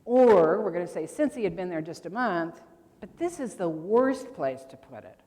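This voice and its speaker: A woman's voice: on the low side, big pitch swings, normal speed, warm tone. Older woman quizzing a convention hall. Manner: chatty, quizzes the audience. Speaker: grammar presenter. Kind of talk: convention workshop talk. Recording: long hall reverb.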